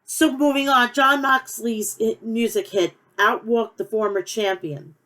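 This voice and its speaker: A woman's voice: on the high side, fairly even intonation, measured pace, a bit bright. A woman with a nasal Long Island New York accent hosting a wrestling podcast, talking in a profane, passionate, rambling rant. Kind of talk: casual rant.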